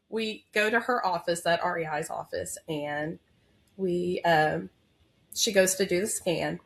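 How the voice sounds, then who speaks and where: With a fairly low voice, vocal fry and normal speed, a woman in her thirties who works as a labor and delivery nurse tells her own story on a podcast. She's open and heartfelt, using lots of fillers in this emotional interview.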